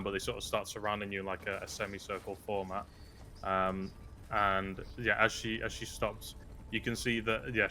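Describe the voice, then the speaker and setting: Running a tabletop role-playing game, a male game master describes scenes haltingly, filling his narration with ums and uhs. His lowish voice has a sharp tone, with a little hiss or hum in the recording.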